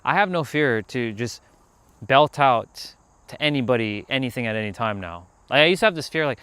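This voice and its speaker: A man hosting a casual outdoor livestream, talking in a rambling, animated way and calling out to people passing by. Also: mid-range voice, normal speed, smooth. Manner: rambling, animated, calls out to passersby. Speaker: livestream host. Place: outdoors near a park.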